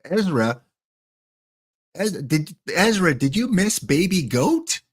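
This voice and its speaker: A man's voice: high-pitched, big pitch swings, slow pace, slightly rough. Sex: man. Role: chatty game streamer. Style: casual live-stream talk. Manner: chatty, joking, addressing chat by name.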